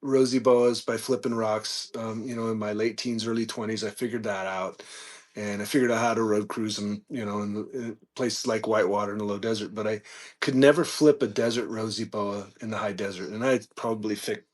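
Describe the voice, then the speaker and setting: A man guest on a podcast, telling a casual story with animated peaks and frequent fillers. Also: fairly low pitch, brisk. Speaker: podcast guest, reptile keeper.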